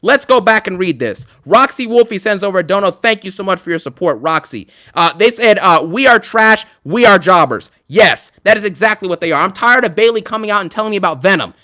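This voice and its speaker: A man hosting a live stream, ranting in an animated, sarcastic and emphatic way. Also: high voice.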